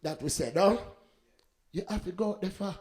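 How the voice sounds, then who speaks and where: A man's voice: high-pitched, moderate pace, a little mellow. A man giving a rambling, preachy spoken reflection between songs, mixing in patois sayings.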